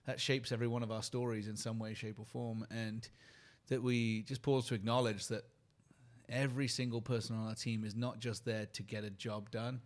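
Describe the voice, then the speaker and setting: A man from the UK with a British accent, a podcast guest telling his story in an earnest, reflective way, listing his thoughts slowly with pauses. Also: mid-range voice, flat delivery. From United Kingdom. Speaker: guest, company leader and keynote speaker.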